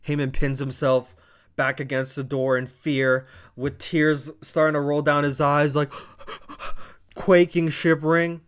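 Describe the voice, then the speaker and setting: A man from Canada recapping a wrestling show in a casual vlog, telling it excitably with lots of swearing and fillers. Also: on the high side, measured pace, smooth.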